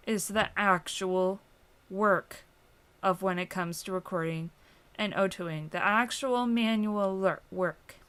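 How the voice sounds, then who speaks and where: A young woman hosting a casual software tutorial, explaining things in a rambling way with lots of fillers. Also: on the high side, clean tone. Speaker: tutorial host.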